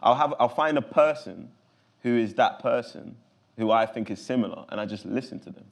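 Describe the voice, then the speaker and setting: A man's voice: mid-range voice, a little fast, creaky. A man in his thirties with a London accent, talking loosely as an interview guest, full of fillers and restarts. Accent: London English. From London, England. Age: 30s. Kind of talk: casual interview talk.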